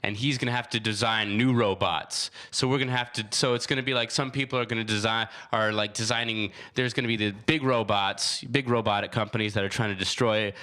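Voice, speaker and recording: Male co-host, bright forward voice, rambling daydream talk. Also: lowish voice, fairly even intonation, a little fast, few pauses. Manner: rambling, musing. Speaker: podcast co-host. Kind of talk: casual comedic chat.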